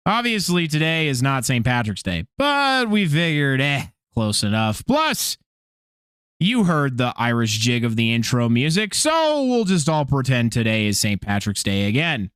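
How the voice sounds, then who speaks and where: A male podcast co-host chatting loosely and goofily, his pitch leaping up and down as he gets excited. He swears and trips over his own sentences. The sound is dry and close to the mic. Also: a little slow, clean tone, dry recording. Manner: goofy, animated, swearing, trailing off into restarts. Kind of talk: casual podcast chat.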